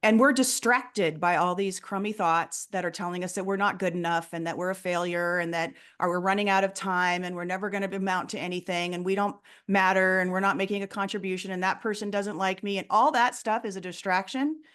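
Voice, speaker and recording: This fear coach, a guest in a relaxed interview, talks fairly quickly with hardly any pauses in a clean, fairly bright, medium-pitched voice and fairly even intonation. She explains her methods earnestly, frequently performing the voices of the people she quotes.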